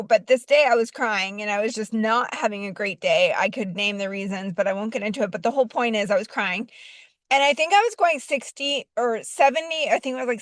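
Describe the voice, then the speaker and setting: A woman's voice: on the high side, no echo. A woman casually telling a personal story to camera, rambling with many fillers and restarts.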